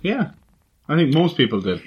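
A man's voice: on the high side, big pitch swings, moderate pace, breathy edge, dull audio. A man co-hosting a casual podcast chat, laughing often and swearing as he tells anecdotes. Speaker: podcast co-host.

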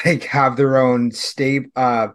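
A man's voice: mid-range voice, little pitch movement, drawn-out words, fairly bright tone. A man as a guest on a casual podcast discussion, talking loosely and filling his sentences with "like.". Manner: casual, says "like" often.

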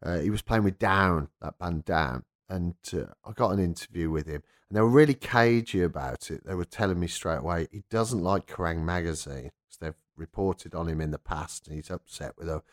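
A man's voice: sits low, brisk, few pauses. A man, a rock radio presenter and former punk singer, telling an anecdote in a casual interview, acting out quoted voices as he goes.

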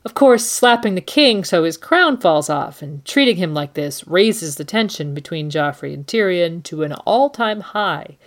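A woman co-hosts a discussion and lays out her points in a critical, analytical way. Her voice sits on the lower side for a woman. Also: animated, unhurried, hardly any pauses. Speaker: co-host. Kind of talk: book and TV analysis.

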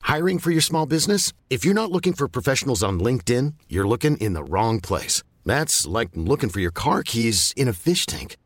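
A man's voice: mid-range voice, sing-song, brisk, hardly any pauses. A man voicing a scripted advertisement in a punchy announcer style.

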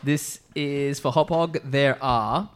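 A man's voice: medium pitch, slow, smooth. A man casually hosting a beer-tasting podcast, reading reviews aloud with asides. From Australia. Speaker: podcast host. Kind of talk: casual chat.

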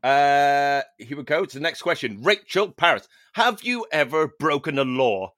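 A man's voice: on the high side, animated, moderate pace, a bit bright, no room sound, studio quality. A man from Ireland, hosting a podcast in casual, sweary, self-mocking chat. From Northern Ireland. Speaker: podcast host.

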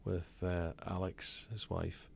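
Brief: Northern Irish broadcaster in his 60s, raconteur, deep and gravelly. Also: slow pace, slight background noise. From Northern Ireland. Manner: lively raconteur, blunt, swears freely. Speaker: guest, broadcaster. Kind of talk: anecdotal storytelling in conversation.

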